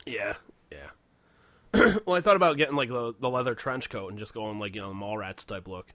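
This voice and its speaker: A man's voice: medium pitch, animated, a little fast, bright, forceful tone, no echo. A man co-hosting a podcast in casual chat, loose and profane and laughing often. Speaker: podcast co-host.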